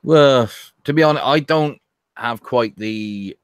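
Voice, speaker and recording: A man in a casual online chat, speaking hesitantly with many pauses and a dry sense of humor. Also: mid-range voice, clear, resonant tone, dry recording. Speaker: panel guest.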